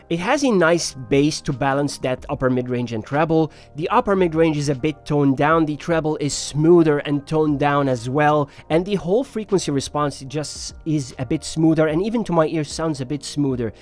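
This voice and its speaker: A man giving a casual, personal review of earphones, talking in a chatty way with many fillers. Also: a little high. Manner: chatty, personal, frequent "you know" and "like". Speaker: audio reviewer.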